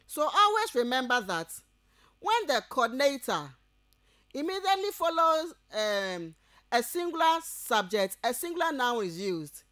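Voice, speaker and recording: A woman with a Ghanaian English accent giving a radio lecture to university students, repeating each point slowly as if dictating and checking that they follow. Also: high-pitched, very animated, a bit bright, no echo.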